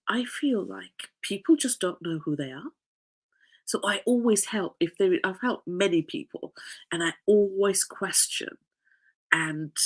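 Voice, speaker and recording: A woman talks unhurriedly in casual podcast chat, her voice nasal and congested from a cough. The tone is husky, and her pitch swings widely as she rambles and laughs between thoughts. She speaks as a life coach reflecting on habits. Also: a bit bright. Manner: rambling, chatty, laughs often.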